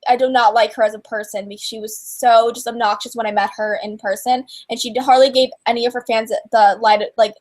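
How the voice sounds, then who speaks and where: High-voiced gushing young woman. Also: flat delivery, fairly quick, few pauses, darkish tone. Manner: gushing and chatty, many fillers, laughs often. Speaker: co-host of a book and TV chat livestream. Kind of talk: casual chat.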